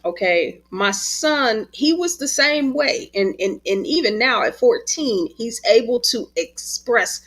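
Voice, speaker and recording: A woman, an author and spiritual teacher, talking in a casual conversation as an animated, expressive storyteller who laughs often, heard over a video call. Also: fairly high pitch, slow pace, few pauses.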